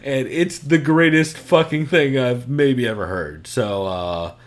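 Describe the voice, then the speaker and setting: A man's voice: medium pitch, measured pace. A man hosting a podcast, chatting casually from his room at home, rambling, laughing often and swearing freely. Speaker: podcast host.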